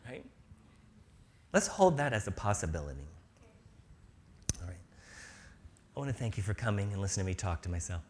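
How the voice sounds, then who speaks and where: A man's voice: medium pitch, very animated, normal speed, pauses often, slight background noise. A man giving an inspirational spiritual talk to a live audience, joking and acting out small voices. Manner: playful, jokey, acts out little voices. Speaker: spiritual speaker.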